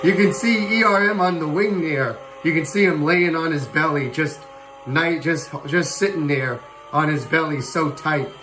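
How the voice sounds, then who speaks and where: A man hosting a livestream, giving playful live commentary on a virtual airshow, excitable and prone to whoops and chuckles. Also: fairly high pitch, normal speed, background noise. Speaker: livestream host. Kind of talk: playful live commentary on a flight sim show.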